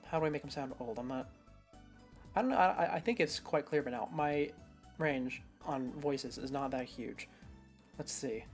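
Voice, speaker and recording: A woman's voice: rumbling low, moderate pace, soft background music. A woman streamer giving casual, self-deprecating commentary while playing a game. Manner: chatty, self-deprecating, thinking aloud.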